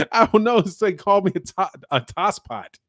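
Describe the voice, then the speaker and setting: A man's voice: high-pitched, very animated, a little slow, a bit bright, no echo, studio quality. Joking American man reading comments. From United States. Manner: laughing often, loose and joking. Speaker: channel host. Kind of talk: casual chat reading live comments.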